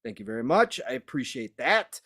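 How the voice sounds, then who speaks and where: A man's voice: medium pitch, big pitch swings, brisk, sharp tone. A man hosting a live podcast, upbeat, greeting viewers and laughing easily. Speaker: podcast host. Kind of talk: live-stream podcast chat.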